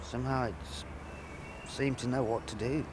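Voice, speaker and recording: An actor playing a young Englishman who talks haltingly and tearfully to a lost friend, sighing between phrases. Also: mid-range voice, fairly even intonation, noisy background, close to an everyday voice. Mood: grieving, scared. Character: grieving young man talking to a dead friend.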